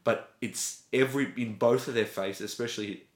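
A man chatting casually and retelling a scene with lively acted-out quotes. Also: medium pitch, moderate pace, roomy sound. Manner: animated storyteller, acts out quotes. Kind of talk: casual podcast chat.

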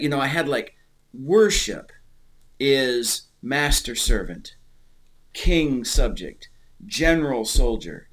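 A man in casual conversation about faith, rambling and restarting, animated and emotional as he speaks. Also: medium pitch. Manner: rambling, animated, repeats words.

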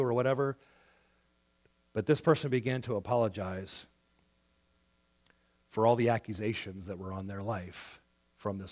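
A man preaching a sermon in a church, acting out quoted dialogue and swinging between loud passages and hushed ones. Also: lowish voice, normal speed, pauses often. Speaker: pastor.

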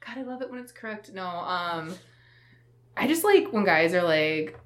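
A woman's voice: lowish voice, expressive, measured pace. A woman talking candidly in a casual podcast chat, giggling and trailing off into mumbles. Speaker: guest.

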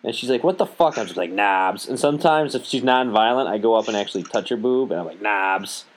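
A man's voice: mid-range voice, expressive, very fast, slight background noise. A young man hosting a podcast, joking around crudely and swearing freely. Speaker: podcast host. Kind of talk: casual podcast banter.

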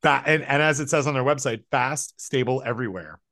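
A man from the American South co-hosting a casual podcast chat, rambling and self-deprecating, quick to laugh. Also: medium pitch, fairly bright tone, no echo, clean studio sound. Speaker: podcast co-host.

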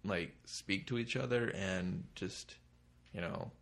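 Low-voiced joking podcast man. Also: slow pace, gravelly, a bit bright. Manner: jokey, rambling, crude humor. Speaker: podcast co-host. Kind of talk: casual chat.

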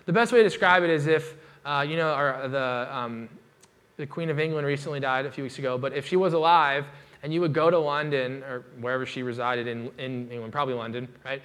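A man's voice: medium pitch, a little fast, a bit bright. A man preaching a sermon in a loose, casual way, with many fillers and restarts.

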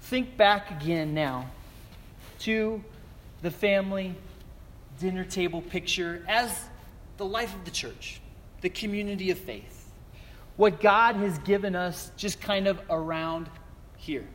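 A man preaching a sermon as a pastor, telling stories in a relaxed, conversational way with lots of fillers. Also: sits high, slow, long pauses, in a large hall, slight background noise. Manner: conversational storytelling with many fillers.

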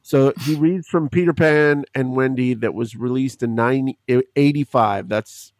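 A man's voice: mid-range voice, measured pace, a little hiss or hum. A man in casual chat who explains details in an informative way.

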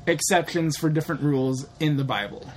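A woman's voice: deep voice, steady tone, a little fast, slight background noise. A young woman co-hosting a podcast, chatting casually and acting out characters' lines with animation. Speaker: podcast co-host. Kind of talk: casual chat recapping a show.

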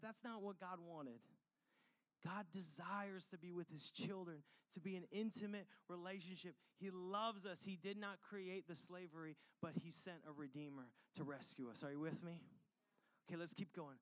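High-voiced male pastor preaching. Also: steady tone, moderate pace, a bit bright. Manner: conversational, with jokey asides and questions to the congregation. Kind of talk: sermon.

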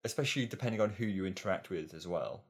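A podcast co-host with a deep, expressive voice talks fast in a casual chat. He muses hesitantly, repeating words as he goes.

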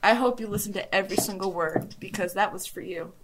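A woman's voice: mid-range voice, fast talker, a bit bright, a little hiss or hum. A young woman casually recapping a film as a podcast co-host, rambling, swearing and correcting herself. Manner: rambling, swearing, self-interrupting, giggly.

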